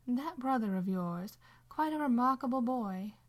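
A woman voicing a kindly, teasing old blind woman who speaks gently and motherly in a storybook reading. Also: a little high, animated, unhurried, voice pushed up. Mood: gentle.

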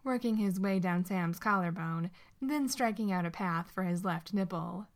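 A woman narrates a story aloud at a middle pitch. Her reading is steady and expressive, and she keeps an even storybook pace. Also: moderate pace.

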